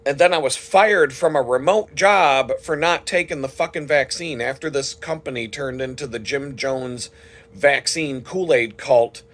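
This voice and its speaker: A man's voice: medium pitch, measured pace, fairly bright tone. A man delivering an indignant, heavily profane monologue to the camera. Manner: heated and indignant, frequent swearing. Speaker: vlogger.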